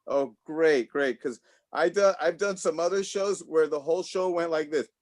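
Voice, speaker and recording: Over a video call on his home computer mic, a Los Angeles comic runs through a meandering stand-up set, often cracking himself up. His voice is a little high, his pace moderate, and the recording dry.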